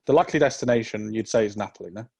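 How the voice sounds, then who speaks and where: A man's voice: on the low side, racing, vocal fry, darkish tone, husky. Man, football podcast co-host, jokey, quizzing, casual chat.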